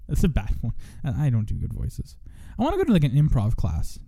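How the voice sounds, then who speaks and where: A man's voice: mid-range voice, wildly swooping pitch, brisk, dark tone, husky, no echo. A young man hosting a radio show in casual chat, rambling and self-mocking, now and then breaking into joking country singing.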